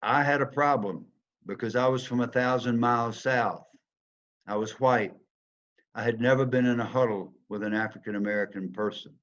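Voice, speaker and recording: An older man with a Southern accent tells a personal story, swinging between loud bursts and hushed asides like a dramatic storyteller. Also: mid-range voice, lo-fi sound. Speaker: speaker telling a personal story. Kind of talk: storytelling talk.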